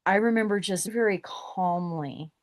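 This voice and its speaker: A woman's voice: mid-range voice, measured pace, dry recording, studio quality. A middle-aged woman telling a personal story as a podcast guest, acting out the exchanges she recounts.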